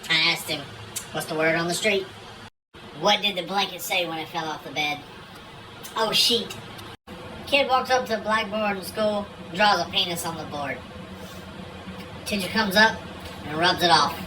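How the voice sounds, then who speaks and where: A woman's voice: lowish voice, normal speed, long pauses, distant mic, background noise. A woman telling a string of one-liners and dirty jokes in a dry, matter-of-fact way. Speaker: joke teller. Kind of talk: deadpan joke telling.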